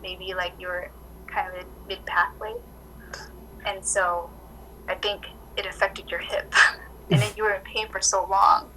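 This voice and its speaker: A woman acupuncturist chatting casually in an interview, telling animated stories full of "like" fillers. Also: medium pitch, measured pace, long pauses, a little hiss or hum, poor audio. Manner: animated storytelling, many "like" fillers. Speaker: acupuncturist guest.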